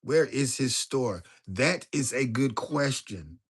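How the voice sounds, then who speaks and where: A husky, medium-pitched man hosts a casual livestream, speaking slowly but with animation. Loose and chatty, he talks right to his viewers, reading the chat aloud and greeting people there.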